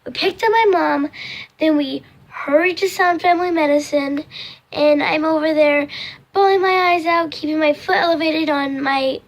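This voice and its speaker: A young woman vlogger telling a storytime in casual, rambling chat, full of "like" and acting out the quoted voices in loud, high bursts. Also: steady tone, moderate pace. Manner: rambling, filler-heavy storytelling with many "like"s.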